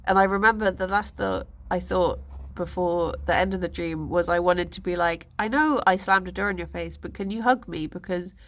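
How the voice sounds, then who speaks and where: A woman's voice: on the low side, normal speed. A young woman, chatting casually on a stream and telling rambling stories with lots of giggles. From England. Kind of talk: casual chat.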